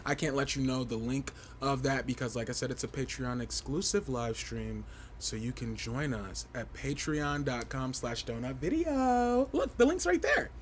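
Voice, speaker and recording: A man hosting a casual livestream fashion review, campy, playful and outspoken, with big swoops in pitch and frequent laughter. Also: animated, moderate pace, a little hiss or hum. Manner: sassy and outspoken.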